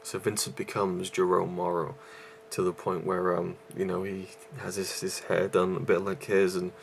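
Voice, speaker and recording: A man talks through a movie review, his deep voice catching on a gravelly rasp. He is out of breath and rambles, with many ums and restarts. A faint hum sits under the recording. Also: level tone, normal speed. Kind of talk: casual vlog review.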